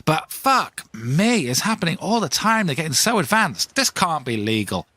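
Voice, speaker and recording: A man's voice: a little high, very animated, moderate pace, pushed and bright, no echo. A man hosting a comedic podcast monologue, ranting in a self-mocking way. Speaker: podcast host.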